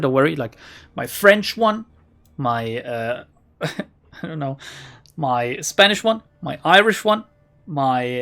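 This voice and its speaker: A woman streamer giving casual, jokey commentary on a video game she plays, reading narration and laughing at herself. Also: deep voice. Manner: jokey, self-mocking, often laughing. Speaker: let's play streamer.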